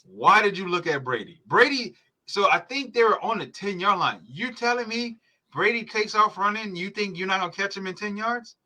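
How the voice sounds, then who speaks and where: A man's voice: high voice, lively intonation, normal speed, bright, forceful tone. A man hosting a podcast, reacting live to a football game in a heated, profane rant. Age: adult parent. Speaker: podcast host.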